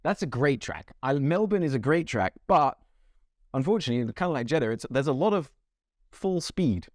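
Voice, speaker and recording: Lively joking man on a podcast. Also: mid-range voice, normal speed, dry recording, clean studio sound. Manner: animated, jokey, laughs often. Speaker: podcast co-host. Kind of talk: casual chat.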